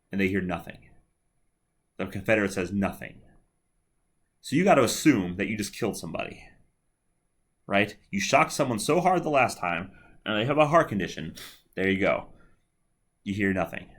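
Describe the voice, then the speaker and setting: A man's voice: on the low side, fairly bright tone. A man giving a recorded video lecture in a conversational way, often repeating himself and checking in with "all right.". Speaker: psychology lecturer.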